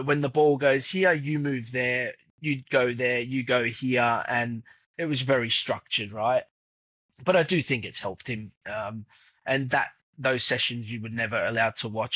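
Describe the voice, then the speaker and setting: With a bright, forceful, mid-range voice, this fifty-something podcast guest, father of a footballer, swaps stories conversationally, leaning on plenty of fillers and performing the dialogue he quotes. The sound is dull, lo-fi and completely dry, with no echo.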